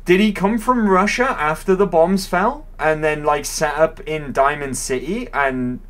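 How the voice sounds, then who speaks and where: A man's voice: a little high, unhurried, fairly bright tone. A man commentating his game live, musing aloud in a rambling, curious way. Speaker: game streamer. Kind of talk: livestream gameplay commentary.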